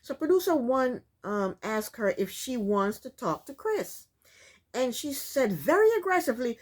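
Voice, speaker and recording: A woman's voice: a little high, sing-song, moderate pace, darkish tone. A woman recapping a reality TV show in casual commentary, sassy and exasperated, firing off rhetorical questions.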